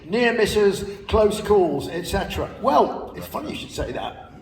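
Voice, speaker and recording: A man's voice: high voice, animated, unhurried. Man telling stories onstage. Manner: chatty, anecdotal, laughing, swearing casually. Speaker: speaker at a live spoken-word show. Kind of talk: storytelling to a live audience. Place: large theater stage. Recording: distant audience recording in a reverberant hall.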